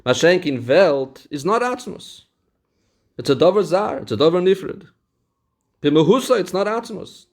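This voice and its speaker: A man's voice: sits high, expressive, measured pace. Man teaching a text lesson. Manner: reads Hebrew passages aloud, then explains them in Yeshivish English; repeats phrases for emphasis, with sing-song study cadence. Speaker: Torah teacher. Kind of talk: Talmudic-style text lesson.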